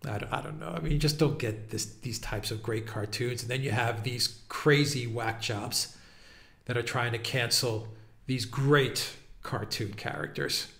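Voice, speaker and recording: A man's voice: mid-range voice, measured pace, creaky, a bit bright, reverberant. A man hosting a casual commentary video, mocking and exasperated as he talks, often breaking into laughter. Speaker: political video host.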